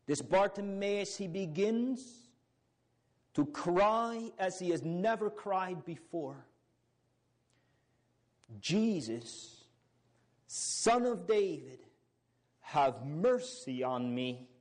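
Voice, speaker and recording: A man's voice: a little high, a little mellow. A man preaching a sermon, earnest and fervent, with old biblical phrasing and rising exclamations.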